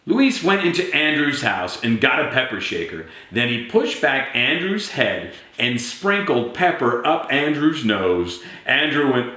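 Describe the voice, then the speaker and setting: A man reading a picture book aloud to children, animated and asking his young listeners questions. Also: medium pitch, a little slow, few pauses. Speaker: storytime reader. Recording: very echoey room.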